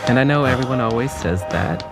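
A man's voice: mid-range voice, brisk, over loud music, close to an everyday voice. A young man narrating his own story in an audio drama, reflective and subdued. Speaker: narrator and lead character.

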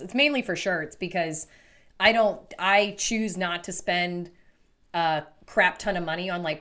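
A woman's voice: lowish voice, fairly bright tone. A woman co-hosting a business podcast in casual chat, talking loosely with lots of "like" fillers. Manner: chatty, frequent "like" fillers. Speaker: podcast co-host.

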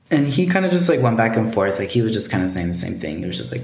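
A man's voice: lowish voice, rapid-fire, few pauses, darkish tone. A man, a podcast guest, telling a personal story in casual conversation, rambling and filling his talk with "like". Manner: rambling, heavy use of filler "like". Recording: roomy echo.

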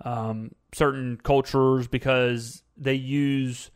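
A young man ranting casually, exasperated and animated, firing off rhetorical questions as a commentator. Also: mid-range voice, takes it slowly, clear, resonant tone. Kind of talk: casual political rant.

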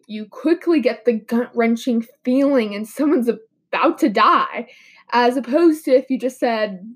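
A woman's voice: fairly high pitch, measured pace. A young woman, a little sick and coughing, earnestly explaining a poem as a podcast guest in a casual way. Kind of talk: mock podcast poetry analysis.

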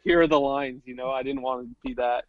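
A man's voice: medium pitch, steady tone, fairly quick, no room sound, lo-fi sound. A man, a guest on a podcast, chatting earnestly with many fillers. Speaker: podcast guest, pro wrestler. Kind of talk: casual podcast chat.

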